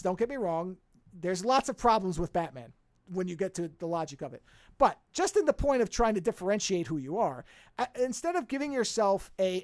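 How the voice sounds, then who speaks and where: A podcast co-host chatting casually with a friend. The delivery rambles and restarts often, and the pitch swings widely. The recording is dry and close, with no room sound. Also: no room sound. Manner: animated, rambling, frequent restarts.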